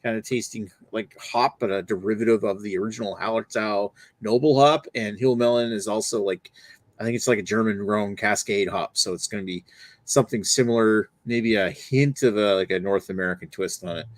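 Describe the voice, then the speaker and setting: A man's voice: lowish voice, brisk, dry recording. A man hosting a casual beer review livestream, rambling with lots of fillers and restarts. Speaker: host.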